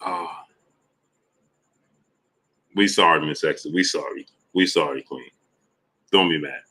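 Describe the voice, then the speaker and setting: A man's voice: very deep voice, unhurried, sharp tone. A man hosting a live stream, laughing a lot and greeting viewers by name in casual talk. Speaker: livestream host reading chat.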